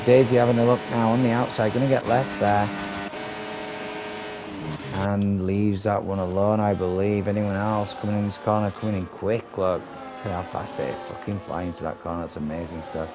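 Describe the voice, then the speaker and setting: A man giving casual, excitable live commentary on a sim racing league, chatty and swearing casually, with game noise behind him. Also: lowish voice, moderate pace. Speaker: race commentator.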